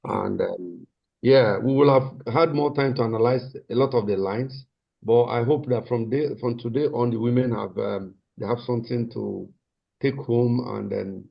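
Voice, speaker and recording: A man's voice: mid-range voice, normal speed, vocal fry. A man moderating an online meeting, giving effusive, stammering praise and thanks. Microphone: video call. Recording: dull lo-fi video call audio.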